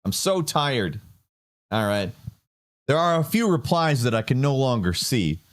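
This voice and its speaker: A man's voice: mid-range voice, big pitch swings, moderate pace. A man giving a casual, meandering commentary with a sardonic edge and lots of fillers. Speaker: online commentator.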